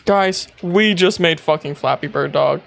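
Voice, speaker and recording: A man streaming live, chatting casually, excitable and quick to gasp, squeal and swear. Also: a little high, vocal fry. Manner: excitable, gasping and squealing with laughter.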